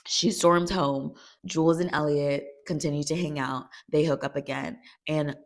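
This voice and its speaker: A woman giving a casual episode recap, retelling the plot in an animated, storytelling way. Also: sits low, normal speed. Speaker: TV recap vlogger.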